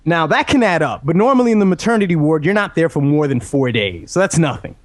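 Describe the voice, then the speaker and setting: Ranting man, a bit high, very dry. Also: lively intonation, quick pace, no echo. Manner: opinionated, ranting, swears. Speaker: podcast host. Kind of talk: casual chat.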